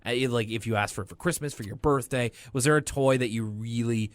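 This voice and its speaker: A young adult man co-hosting a podcast, recapping a cartoon episode in a rambling, animated way with lots of fillers. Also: mid-range voice, brisk, no echo. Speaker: podcast co-host. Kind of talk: casual chat recapping a cartoon.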